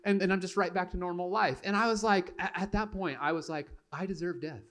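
A young man preaching to his church, telling a childhood story with animated, self-mocking humor and acted-out voices. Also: high voice, quick pace. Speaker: pastor. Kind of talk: storytelling sermon. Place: church sanctuary.

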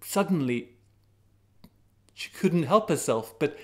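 A man telling a folk tale as a storyteller, unhurried and dramatic, with sudden swells of excitement. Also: mid-range voice. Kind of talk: storytelling narration.

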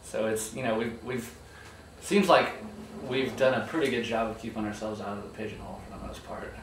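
A man in his thirties who plays bass, talking in a wry, hesitant way in a casual interview. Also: fairly even intonation, brisk. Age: 30s. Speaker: bass player. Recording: echoey room from far off, with faint noise.

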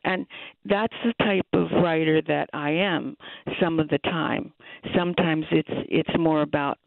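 A woman's voice: low voice, fairly even intonation, a little slow, vocal fry, dry recording. Earnest woman on a tinny phone line. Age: middle-aged. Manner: thoughtful, earnest, with restarts. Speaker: interview guest, songwriter. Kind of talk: conversational interview.

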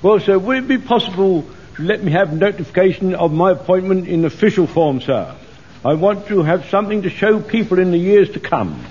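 An actor playing an elderly, fussy butcher serving as a lance corporal, gushing and eager in a 1970s radio sitcom. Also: male voice, high voice, lively intonation, brisk, a little mellow. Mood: grateful. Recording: dull old radio recording with faint hiss.

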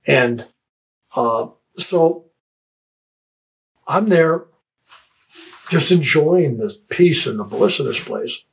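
An older man with a gravelly, fry-edged voice recounts his own extraordinary experience in a plain, unhurried way. He stumbles and repeats small words as he reaches for what he means, then carries on with the story. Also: mid-range voice, lively intonation, a little hiss or hum, rough recording. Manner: halting, repeats words when searching for them. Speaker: interviewee. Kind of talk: personal storytelling.

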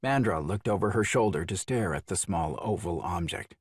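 A man narrates a children's storybook with a low, husky voice. His pitch rises and falls in a lively way as he acts out the scenes. The sound is dry and close. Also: normal speed, hardly any pauses, no room sound. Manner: expressive, voices each character. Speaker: audiobook narrator.

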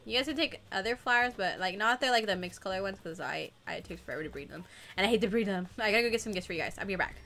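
She talks very fast with vocal fry, her medium-pitched voice carrying a fairly bright tone over soft background music. The speaker is a young livestream co-host, giggling through casual gaming chat and welcoming viewers by name.

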